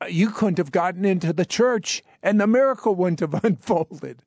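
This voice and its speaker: A man's voice: sits high, moderate pace, a little mellow, dry recording, studio quality. A man hosting an interview, asking probing and lightly amused follow-up questions of his guest. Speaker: show host interviewing a guest.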